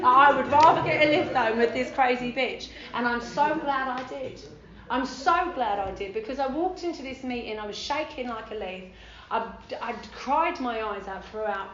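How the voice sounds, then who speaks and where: A higher-voiced woman with a London accent tells her own recovery story to a meeting. She is blunt and lively, swears freely and acts out the voices of the people she describes. The recording is slightly dull and carries the echo of a large hall. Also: slight background noise. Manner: animated storytelling, frank, swearing, acting out voices. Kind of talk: personal recovery testimony at a meeting.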